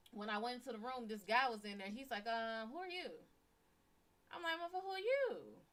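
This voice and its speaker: A woman hosting a live psychic stream, telling a story casually, with blunt, heavily profane and animated delivery. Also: mid-range voice.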